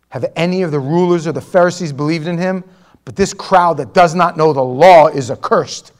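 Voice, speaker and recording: A man preaching a verse-by-verse sermon, swinging between hushed, intimate asides and loud, mocking quotes of imagined listeners. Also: fairly high pitch, a little fast. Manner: animated preaching, swinging from hushed asides to near-shouting mimicry. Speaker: pastor. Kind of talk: expository sermon.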